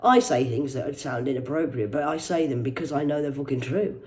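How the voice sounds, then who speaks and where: A woman's voice: a bass voice, brisk, darkish tone. A woman reading out celebrity news and ranting about it in a casual, rambling, sweary way. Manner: rambling, sweary, digressive, mock-indignant.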